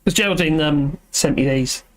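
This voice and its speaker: Man, fairly high voice, casual livestream host, rambling, self-deprecating, filler-heavy. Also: moderate pace, slight background noise. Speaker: livestream host reading chat. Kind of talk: casual live chat. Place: at home.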